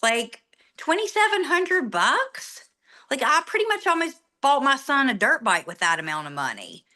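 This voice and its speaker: A woman coaching a sales team, emphatic and animated, acting out little quoted exchanges. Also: high voice, brisk. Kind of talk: enthusiastic coaching talk.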